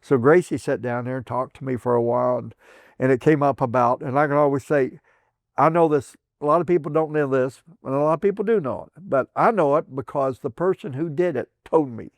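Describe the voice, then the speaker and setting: An older man from southern Indiana recounts his time as a veteran for an oral history project. He rambles, restarts his sentences and chuckles as he goes, and sometimes jumps up in pitch to act out the people in his stories. His voice sits at a middle pitch and is recorded dry and close. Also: fairly quick, dry recording. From southern Indiana, USA. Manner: acts out quoted voices with raised pitch. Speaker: veteran interviewee.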